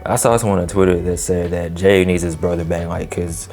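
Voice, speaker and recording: A man's voice: sits low, level tone, brisk, darkish tone, soft background music. A man giving a casual solo review of a wrestling show, talking loosely with lots of fillers, slang and frequent laughs. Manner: laughs often between remarks.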